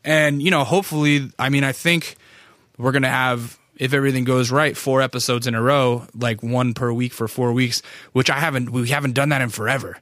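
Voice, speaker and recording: A man in his thirties from Alaska, hosting a podcast in a casual, rambling, profane monologue, acting out quoted voices and jumping up high for them. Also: steady tone, brisk, fairly bright tone, no room sound, clean studio sound. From Alaska, USA. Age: 30s. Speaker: podcast host. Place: recording studio.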